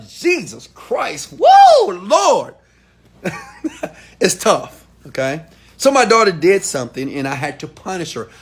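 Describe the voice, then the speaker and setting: A man giving a motivational talk straight to his viewers, emphatic, swinging from quiet asides to loud outbursts. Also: mid-range voice. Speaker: motivational speaker.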